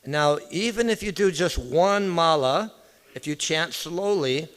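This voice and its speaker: A man's voice: on the high side, expressive, unhurried, fairly bright tone, smooth. A man giving an informal devotional talk in a temple hall, chatting with and questioning his listeners directly. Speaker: visiting temple speaker.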